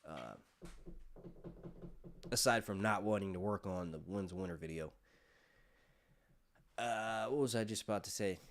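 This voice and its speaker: A man's voice: low-pitched, measured pace, pauses often. A man hosting a casual live stream chat, rambling loosely, swearing freely and often breaking into laughter. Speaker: YouTube host.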